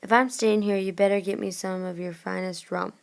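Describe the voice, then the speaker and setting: A woman's voice: mid-range voice, fairly even intonation, fairly quick, creaky, clear, resonant tone, lightly acted. Old drunk pirate, rude and demanding, read by a woman; storybook reading. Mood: gruff. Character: gruff old male drunk pirate seaman.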